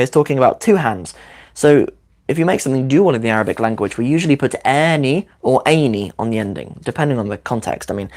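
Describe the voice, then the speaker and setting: A man in his thirties with a croaky voice from a cold, giving a chatty, upbeat live-streamed Arabic lesson as the teacher. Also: mid-range voice, a little mellow. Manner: chatty, upbeat, quick asides. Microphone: desk microphone.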